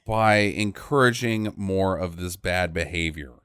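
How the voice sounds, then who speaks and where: A man's voice: deep voice, a little slow, a bit bright, smooth, dry recording, studio quality. A man in casual podcast chat who recaps a film sarcastically, swears freely, and acts out the characters' lines with exaggerated voices. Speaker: podcast co-host.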